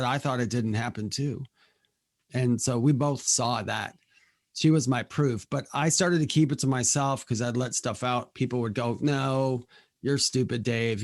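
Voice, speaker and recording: A man in a casual podcast interview, telling stories in a chatty, animated way and acting out the quotes, on a close studio mic. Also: medium pitch, no echo. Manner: chatty, animated storyteller who acts out quotes. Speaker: guest, spiritual medium.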